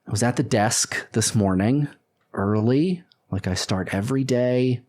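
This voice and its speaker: A man's voice: medium pitch, unhurried, a little mellow, close to an everyday voice. A man voicing a tired, grumbling middle-aged man who rambles and sighs. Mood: weary.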